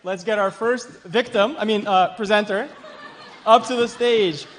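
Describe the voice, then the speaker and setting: A man's voice: sits high, unhurried. A man hosting a science contest, introducing judges with playful teasing jokes and frequent laughs. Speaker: event host. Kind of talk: joking emcee introductions. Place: large hall with audience. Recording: echoey hall with crowd and noise.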